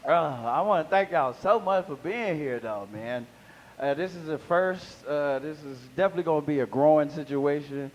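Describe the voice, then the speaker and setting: A man's voice: fairly high pitch, moderate pace, highs cut off, slight background noise. A man performing a live stand-up set, talking back and forth with the crowd. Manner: animated crowd work, talks to audience. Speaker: stand-up comedian. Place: small live venue.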